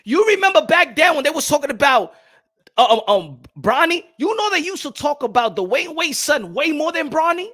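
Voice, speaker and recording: A young man hosting a boxing talk show and ranting loudly, repeating himself, with sudden swings from shouting to low muttering. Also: sing-song, moderate pace. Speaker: boxing commentary host. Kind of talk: animated opinion rant.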